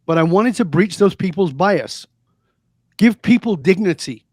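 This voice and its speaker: A man's voice: high-pitched, lively intonation, a little slow, darkish tone, breathy edge, no room sound, studio quality. A man, a guest in an interview, telling stories and making points in an emphatic, preachy way. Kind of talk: interview conversation.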